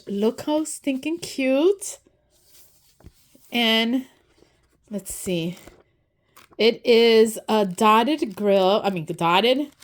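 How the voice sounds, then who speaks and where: A woman hosting an unboxing video, gushing and excited, sometimes dropping to a soft whisper as she opens items. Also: on the high side. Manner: gushing, excitable, often says "so stinking cute". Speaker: unboxing channel host. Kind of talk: casual unboxing narration.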